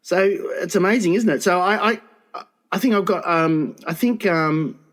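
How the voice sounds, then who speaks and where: A man co-hosting a crude comedy podcast, teasing his partner with stammering, jumpy banter. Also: normal speed. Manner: teasing, stammering, lively swings in pitch. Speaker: podcast co-host.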